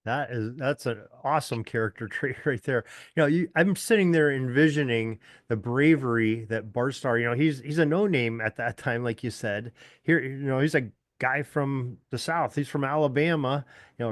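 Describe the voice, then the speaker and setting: A man hosting an interview. He speaks at a middling pitch in a loose, rambling way, full of fillers and restarts. The recording is dry and close. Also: normal speed, no echo. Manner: rambling, lots of "you know" fillers. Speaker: podcast host. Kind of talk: casual interview chat.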